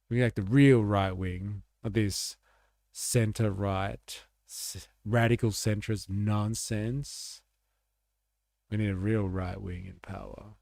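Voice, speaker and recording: A man's voice: on the low side, creaky, darkish tone, dry recording. A man hosting a livestream, rambling through casual political commentary with sarcastic asides. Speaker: livestream host.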